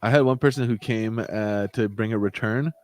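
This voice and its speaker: A man's voice: lowish voice, normal speed, no room sound, clean studio sound. A young man co-hosting a casual podcast, telling a swearing, laughing retail work story. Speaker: podcast co-host. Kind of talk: casual chat.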